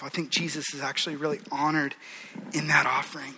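Earnest, bright-voiced preaching man. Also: on the high side, fairly even intonation, fast talker, husky, low-quality recording. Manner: earnest, conversational, swings from hushed pleading to rising fervor. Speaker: pastor. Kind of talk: sermon.

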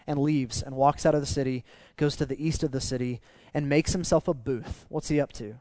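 A male pastor preaching a sermon in an animated, emphatic way, often restarting phrases. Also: medium pitch, a little fast, no echo.

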